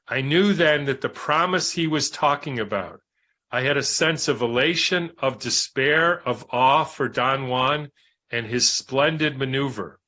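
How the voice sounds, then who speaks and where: A man reading a book aloud in a measured, reflective way, pausing for spoken asides. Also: medium pitch, sharp tone. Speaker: reader and commentator.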